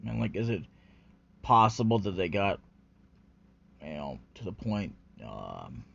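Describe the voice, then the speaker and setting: A man's voice: deep voice, sing-song, measured pace, gravelly, a bit bright, slight background noise. Rambling, profane male vlogger. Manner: profane, rambling, full of fillers and restarts. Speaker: anime commentary vlogger. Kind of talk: rambling unscripted rant. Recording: dull lo-fi recording.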